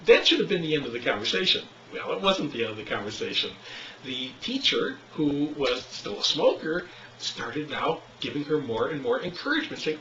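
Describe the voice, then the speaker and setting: A man leading a smoking cessation clinic, telling a story in an animated way and acting out the quotes. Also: a little high, brisk. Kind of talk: storytelling lecture. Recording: roomy, distant, slightly dull recording.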